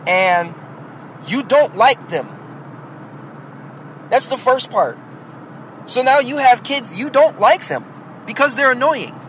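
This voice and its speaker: A man's voice: very high-pitched, lively intonation, slow, pauses often, fairly bright tone, a little hiss or hum, low-quality recording. A man hosting a podcast, talking bluntly and at length about raising kids in a casual, opinionated monologue. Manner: rhetorical, addresses the listener directly. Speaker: podcast host; parent.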